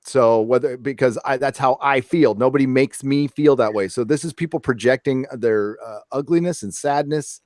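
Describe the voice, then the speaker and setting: An earnest man of middle pitch rambles as a guest in a casual podcast chat. He uses many fillers and restarts. The sound is dry. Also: moderate pace, hardly any pauses, darkish tone, no room sound.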